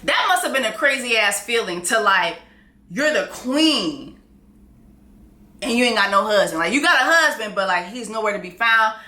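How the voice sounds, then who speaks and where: A woman hosting a casual show recap, telling the story in a brash, profane, animated way. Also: fairly high pitch, normal speed, echoey room. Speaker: YouTube recap host.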